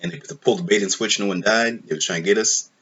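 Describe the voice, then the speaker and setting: A man's voice: on the low side, quick pace, fairly bright tone, husky. A man hosting his own channel, reviewing a film in a casual, rambling way, full of fillers and frustration. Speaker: movie review host. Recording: dull lo-fi recording.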